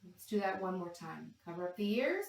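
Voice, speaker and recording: A woman leading a yoga class for young children, talking them gently and playfully through animal poses and animal sounds. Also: fairly low pitch, big pitch swings, normal speed, gravelly. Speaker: kids yoga instructor. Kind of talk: guided kids yoga class. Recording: echoey room, distant from mic.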